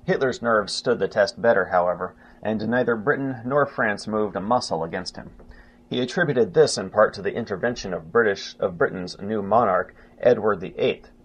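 A man reading a history book aloud in a measured way, stumbling and restarting now and then and announcing quotes aloud. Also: lowish voice, breathy edge. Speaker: narrator. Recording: dull lo-fi recording.

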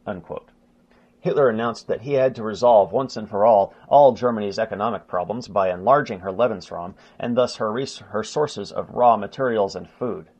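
Husky low-voiced man reading history. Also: a little mellow. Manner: measured reading with frequent slips and restarts, marking quotes aloud. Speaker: narrator. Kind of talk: reading a history book aloud. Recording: dull lo-fi recording.

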